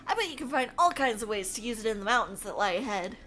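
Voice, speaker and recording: A woman's voice: on the high side, lively intonation, fast talker, pushed and bright, faint music behind. A woman reading the lines of a cocky young male hedgehog rival in a breezy, dismissive way.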